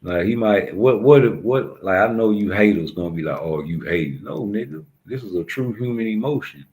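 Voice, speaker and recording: A man's voice: on the low side, animated, normal speed, darkish tone, rough recording. A young adult man, ranting bluntly and profanely in street slang as a commentator. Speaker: YouTube commentator. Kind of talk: casual ranting monologue.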